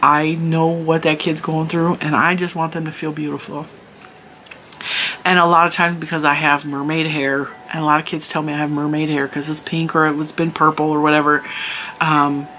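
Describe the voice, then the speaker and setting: A woman's voice: sits low, fairly bright tone, a little hiss or hum, poor audio. A middle-aged woman telling a story in a casual, chatty vlog, emphatic, with lots of "like" and laughs. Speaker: crafting channel host.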